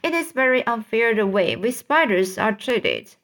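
A woman's voice: on the high side, very animated, moderate pace, fairly bright tone. A woman voicing a gloomy female spider who feels wronged, in a mournful, sighing storybook reading.

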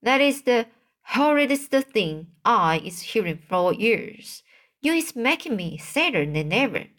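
Read-aloud giant: big friendly male, gentle and sorrowful, mangled grammar, slow delivery, played by a woman reader. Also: on the high side, big pitch swings, voice pushed up. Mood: indignant. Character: kindly big male giant, soft-hearted.

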